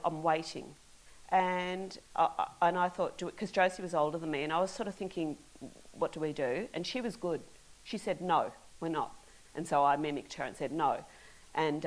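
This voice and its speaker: Lively Australian woman telling a story. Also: lowish voice, poor audio. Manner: lively, laughs often. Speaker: author. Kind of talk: animated storytelling.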